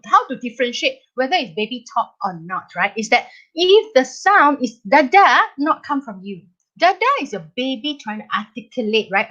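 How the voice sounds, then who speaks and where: Middle-aged Singaporean woman, chatty live-stream parenting educator, higher voice, muffled lo-fi audio. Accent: Singaporean English. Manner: animated, chatty, repeats "okay?" and "right?".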